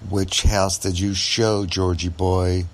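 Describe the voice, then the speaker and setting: A man's voice: low-pitched, flat delivery, slow pace. A man voicing a blunt, drawling female office receptionist in a true-life podcast story. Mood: blunt warning. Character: blunt middle-aged woman office receptionist.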